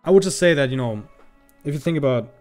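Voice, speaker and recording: A man's voice: a little high, expressive, fast talker, a little mellow. A man chatting on a livestream in a casual, profane, ranting way that grows heated. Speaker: streamer. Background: faint background music.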